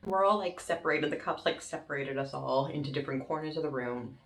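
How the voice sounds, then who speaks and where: A young woman telling a story on her vlog in a casual, animated, dramatic way, with plenty of swearing. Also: low voice, a little fast. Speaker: YouTuber. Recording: roomy with faint music.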